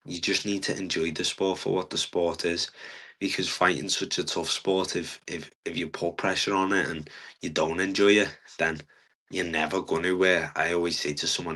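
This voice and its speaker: A young man, a fighter talking earnestly in a casual interview, halting often with fillers. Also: sits low, little pitch movement, pushed and bright. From England. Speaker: guest fighter.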